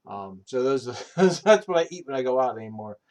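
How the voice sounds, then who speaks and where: A man's voice: medium pitch, sing-song, brisk, darkish tone. Male streamer in his thirties, loose rambling chat full of fillers and cursing. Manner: rambling, filler-heavy, profane storytelling. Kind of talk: casual chat.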